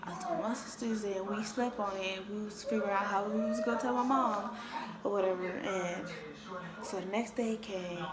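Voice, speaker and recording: A woman's voice: mid-range voice, fairly even intonation, normal speed. A young adult woman casually rambling through a personal story as a vlogger, in a loose, conversational way. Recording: echoey room with loud background noise.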